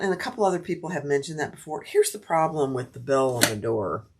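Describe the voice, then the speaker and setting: A woman's voice: deep voice, expressive, fast talker, a little mellow, breathy edge. A middle-aged woman chatting casually on a sewing livestream, answering viewer comments as she works.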